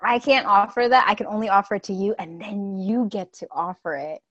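A woman's voice: mid-range voice, brisk, a bit bright, no room sound, muffled recording. A woman money coach hosting an interview, gushing, tearful at times and swearing casually. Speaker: money coach and podcast host. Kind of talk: emotional conversational interview.

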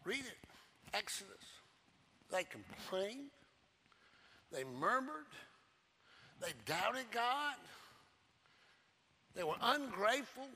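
A male pastor preaching a sermon, emphatic and repetitive, swinging from loud declarations to hushed low phrases. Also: sing-song, slow, long pauses, husky.

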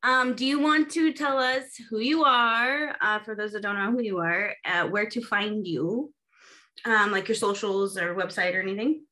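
A woman's voice: mid-range voice, moderate pace, pushed and bright. A woman hosting a podcast, talking in a casual, chatty way with lots of ums. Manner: chatty, filler-heavy, friendly. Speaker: podcast host.

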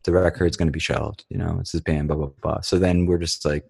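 A man's voice: deep voice, little pitch movement, a little fast, vocal fry, darkish tone, breathy edge. A man, a touring band musician, telling stories in casual chat, rambling and full of "like" and swearing.

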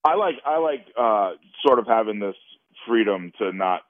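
A male actor calls into an interview and rambles with lots of restarts, laughing easily. His voice sits low and sounds dry. It comes through a thin, tinny phone line. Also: expressive, moderate pace, no echo. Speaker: actor guest. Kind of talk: casual interview over phone.

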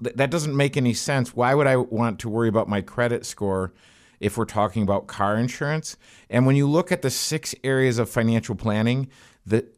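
A man's voice: on the low side, darkish tone. A man co-hosting a finance talk show as a financial planner, explaining things earnestly and plainly, with frequent fillers.

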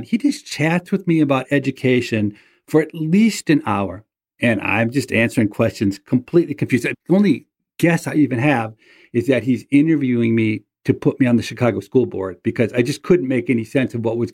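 A man hosting an interview, telling a long anecdote in an animated way and acting out the people he quotes. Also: medium pitch. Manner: animated storyteller, acts out quoted voices. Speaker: podcast host. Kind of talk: storytelling interview.

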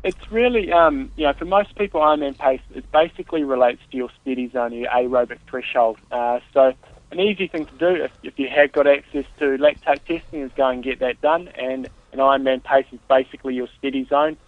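A man co-hosting a casual podcast as a triathlon coach, patiently giving steady, practical training advice. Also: mid-range voice, a little fast, no room sound. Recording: tinny phone-like line, dry.

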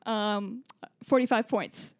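A woman's voice: mid-range voice, fairly even intonation, takes it slowly, no room sound, clean studio sound. A woman hosting a casual group chat, handing out points in an upbeat game-show manner. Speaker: podcast host.

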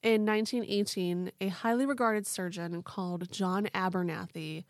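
A woman's voice: mid-range voice, steady tone, normal speed, dry recording, clean studio sound. A young woman co-hosting a true-crime podcast, telling the story in a casual way with lots of "like". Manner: casual, leans on "like" and "quote unquote". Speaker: podcast co-host.

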